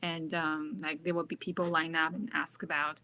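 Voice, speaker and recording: Woman, student guest, bright sharp tone, low-ish voice, meandering. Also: little pitch movement, moderate pace, slight background noise. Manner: rambling, searching for words. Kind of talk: casual chat.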